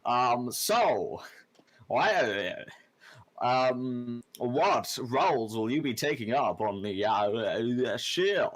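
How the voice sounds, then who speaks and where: Aussie man, game master, rambling narration, mid pitch. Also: expressive, extremely slow. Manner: rambling, many filler words.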